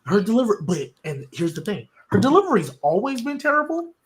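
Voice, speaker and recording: A man's voice: high-pitched, huge pitch swings, fairly quick. A man hosting a casual wrestling podcast, talking in an opinionated, rambling way with frequent restarts. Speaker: podcast host.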